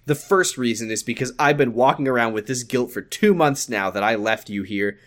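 A man's voice: a little fast, a bit bright, natural voice. A man reading out the lines of an angry, hurt young woman from a fan story, raising his voice for her. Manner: read aloud from a fan story, shrill and exasperated.

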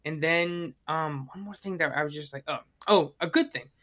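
A podcast co-host chats casually about movies, reviewing them in an animated way while swearing and acting out their own reactions. The voice sits in a mid range and moves at a normal speed.

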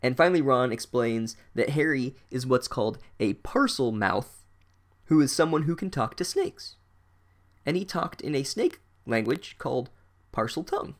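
A man riffs through a comedic recap in a sarcastic, profane voice of middle pitch. He drops into deadpan asides, then jumps to loud, incredulous outbursts. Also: moderate pace. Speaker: podcast host recapping a book.

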